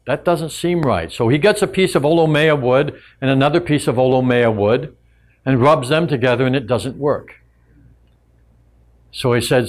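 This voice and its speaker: A man telling a traditional tale to a live audience in a relaxed, conversational way with frequent asides. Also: on the high side. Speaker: storyteller and teacher. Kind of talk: oral storytelling to a live audience.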